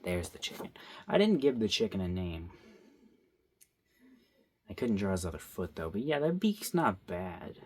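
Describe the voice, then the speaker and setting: A man's voice: sits low, big pitch swings, measured pace, pauses often, darkish tone, slight background noise. Young man rambling while drawing. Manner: rambling, self-talking, playful. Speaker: vlogger drawing. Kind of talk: casual drawing commentary. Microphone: phone.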